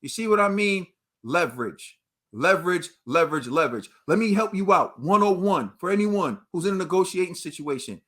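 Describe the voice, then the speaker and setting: A man's voice: sits high, expressive, brisk, few pauses, fairly bright tone. An American man hosting a boxing show, ranting to his viewers in an emphatic, slangy way. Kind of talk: animated commentary rant.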